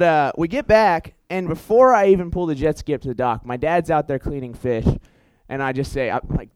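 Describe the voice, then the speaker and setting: A young man giving a storytelling sermon in an animated, chatty way, full of fillers and self-corrections. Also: fairly high pitch, smooth, no echo, poor audio. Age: young adult. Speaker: youth preacher.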